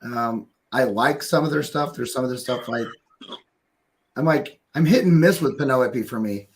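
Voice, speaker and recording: A man's voice: mid-range voice, normal speed, a little hiss or hum. An easygoing man speaking as a panelist in a casual group chat, thinking aloud with fillers.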